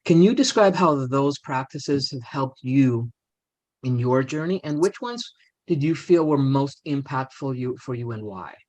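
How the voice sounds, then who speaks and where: A man hosts an interview, and his questions come out loose and casual. He hesitates often and fills the gaps with "um" and "uh". His voice sits at a mid pitch. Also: animated, unhurried, a little mellow. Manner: hesitant, with many fillers. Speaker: host.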